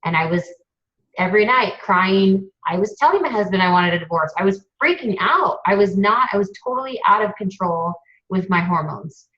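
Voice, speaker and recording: A woman's voice: medium pitch, normal speed, fairly bright tone. Gushing chatty woman, lo-fi audio. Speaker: webinar host. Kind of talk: casual webinar chat.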